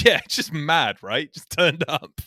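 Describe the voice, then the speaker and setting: Animated man telling a story. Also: a little high, takes it slowly, no room sound, studio quality. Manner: animated storytelling, laughs often, swears. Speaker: podcast co-host. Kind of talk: casual chat.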